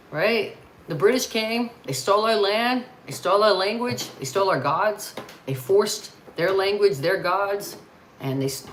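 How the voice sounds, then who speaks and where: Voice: medium pitch, fairly bright tone, a little hiss or hum, poor audio. An American host talking casually and bluntly on a livestream, ranting with frequent swearing. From United States.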